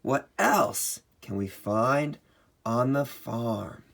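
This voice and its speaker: A woman presenting a children's educational story video, talking in an animated way with gasps of surprise and imitating animal sounds. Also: very deep voice, drawn-out words, gravelly.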